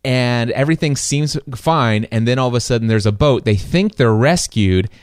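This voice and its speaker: A man hosting a podcast, telling a story in an animated, excitable way with many restarts. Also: medium pitch, normal speed, clean tone, no echo, clean studio sound. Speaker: podcast host. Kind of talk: casual storytelling chat.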